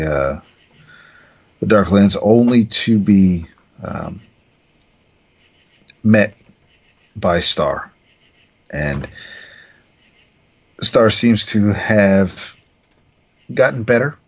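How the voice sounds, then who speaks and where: Slow, low-voiced man recapping comics. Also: lo-fi sound. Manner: halting, many fillers and restarts while summarizing. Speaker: podcast co-host recapping a comic. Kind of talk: casual comic recap chat.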